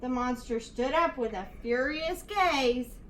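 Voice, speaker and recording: A woman teacher reading a rhyming picture book aloud to her class in a slow, rhythmic way. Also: high-pitched, a bit bright, a little hiss or hum. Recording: echoey room, distant mic.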